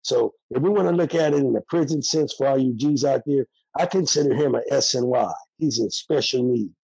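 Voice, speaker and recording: A man's voice: medium pitch, brisk, a little mellow, husky, dry recording, low-quality recording. An older man, a former prisoner, speaking bluntly and heatedly in a candid interview with a streetwise manner.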